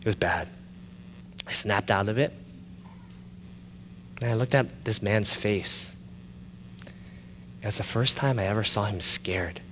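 A male pastor telling a personal story in a sermon, animated and shifting from loud excited retelling to quiet confession. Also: lowish voice, measured pace, pauses often, in a large hall, a little hiss or hum.

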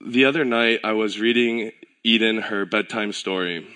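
A man delivers a relaxed, conversational sermon, as if he were chatting with friends. His voice is bright and forward. He tells stories animatedly and slips into the voices of the people he quotes. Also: lowish voice, normal speed. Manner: relaxed storytelling with filler words and self-corrections. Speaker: pastor.

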